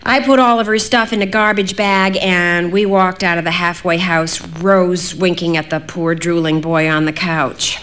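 A young adult woman narrating an audiobook in a measured, reflective way. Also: lowish voice, fairly even intonation, a bit bright. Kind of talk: audiobook reading.

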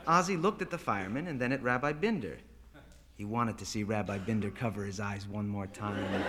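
A man narrating a story aloud with animated, dramatic delivery. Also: medium pitch, fairly quick, slight background noise. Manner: animated, voices characters.

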